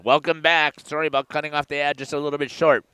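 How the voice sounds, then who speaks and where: A man doing play-by-play commentary for a local high school football game, getting louder and higher on big plays. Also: fast talker, clear, resonant tone, no echo. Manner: excited rising calls on big plays. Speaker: play-by-play announcer.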